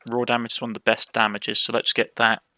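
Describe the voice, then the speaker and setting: Bright-voiced Cornish man reading game text. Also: mid-range voice, monotone, fast talker, no room sound. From Cornwall, England. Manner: reads game text aloud, stumbling and self-correcting. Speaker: let's play host. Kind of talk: casual game commentary and reading aloud.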